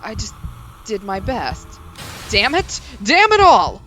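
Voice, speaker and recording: A woman's voice: fairly low pitch, animated, normal speed, music in the background, close to an everyday voice. A woman voicing an exhausted, hot-tempered man who rants and swears, while reading game dialogue aloud. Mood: ranting. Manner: ranting, yelling, swearing.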